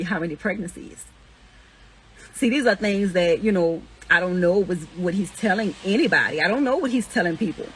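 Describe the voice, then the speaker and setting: A woman's voice: mid-range voice, a bit bright, slightly rough, low-quality recording. A young woman venting heatedly and profanely, indignant and repeating herself. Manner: indignant, repetitive, swears constantly, rising to incredulous peaks. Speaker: woman airing accusations against an ex.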